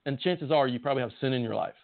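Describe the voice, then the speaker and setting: A man's voice: mid-range voice, rapid-fire, creaky. A man with a Southern US accent giving a conversational Bible sermon, folksy and often asking his listeners questions. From Southern United States. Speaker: Bible teacher. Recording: tinny phone-like audio.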